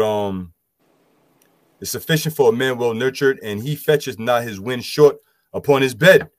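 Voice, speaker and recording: A man's voice: mid-range voice, dry recording. A man, loosely explaining scripture and health to a group with lots of "you know" fillers. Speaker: group discussion speaker. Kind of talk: casual scripture teaching.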